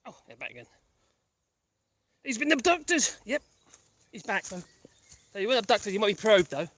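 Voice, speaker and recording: A vlogger strolls through the countryside with his dogs, chatting casually in a high, animated, quick voice with a fairly bright tone. He rambles, gets sidetracked easily, and keeps things wry. The audio comes from a small phone mic outdoors.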